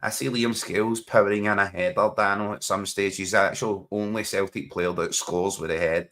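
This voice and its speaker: A man's voice: fairly low pitch, steady tone, fairly quick, a bit bright. A man, co-hosting a casual podcast chat while watching a football match, joking and laughing often. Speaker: podcast co-host.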